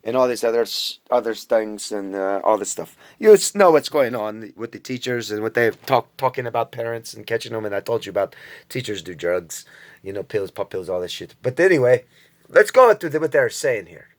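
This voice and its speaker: A man's voice: on the low side, animated, brisk. A man from the United States giving a rambling, casual vlog monologue, talking straight to his viewers with frequent profanity and chuckles. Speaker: vlogger commentator.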